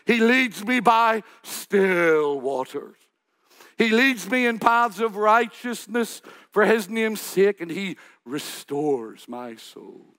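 A man playing a young actor who recites slowly and in a measured, theatrical way. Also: high-pitched, lively intonation, fairly bright tone, heavily acted. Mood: recital.

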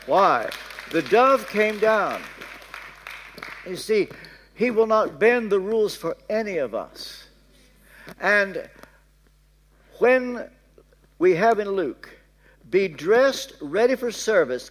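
Older male preacher, Kentucky accent, storytelling sermon, high and lively voice. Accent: Southern American, Kentucky. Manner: storytelling, dropping to soft hushed tones for prayers. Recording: reverberant hall.

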